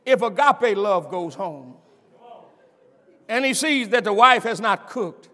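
An older man preaching a sermon, stammering and repeating himself, swinging between shouts and asides and asking the congregation "am I right about it.". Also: high-pitched, expressive, takes it slowly. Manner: stammers and repeats words, bursts into shouts and laughter. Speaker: pastor. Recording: long hall reverb.

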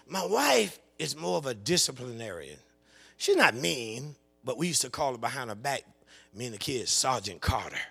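With big pitch swings, a gravelly voice, and a breathy edge, an older preacher tells a family story at a moderate pace. He calls out to the congregation, shifting from low murmurs to impassioned shouting.

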